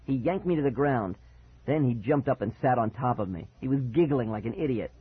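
A man tells a first-person children's scare story with a lively, dramatic delivery. His voice has a husky grain. The sound is dry and narrow, like a phone line. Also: mid-range voice, a little fast, no room sound. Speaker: audiobook narrator.

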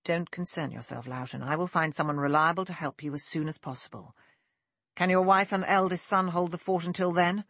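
A woman's voice: lowish voice, a little fast, no echo. A woman reading a courteous young lord. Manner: formal, courteous and steady. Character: young aristocratic male lord, kind and assured. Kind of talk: audiobook character voice.

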